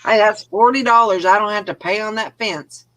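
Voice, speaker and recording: A woman's voice: medium pitch, fairly bright tone. A woman, hosting a casual chat and teasing her co-hosts. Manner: teasing, quick to laugh. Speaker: show host.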